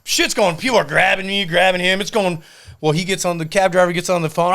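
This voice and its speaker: A man on a podcast telling a profane, animated story and acting out the people in it. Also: high-pitched, quick pace. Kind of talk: casual storytelling.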